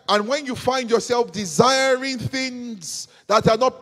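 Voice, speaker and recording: Man, sermon, emphatic, repetitive, high voice, long hall reverb. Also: a little slow, hardly any pauses, sharp tone. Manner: emphatic, repeats phrases, rises to fervent peaks. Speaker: preacher.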